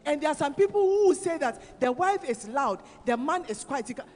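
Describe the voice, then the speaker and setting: Speaking at a conference in a church hall, a Ghanaian-accented woman preaches, playfully teasing listeners and naming them. Her voice sits high and a little mellow, brisk with lively intonation, while long reverb and faint music fill the hall.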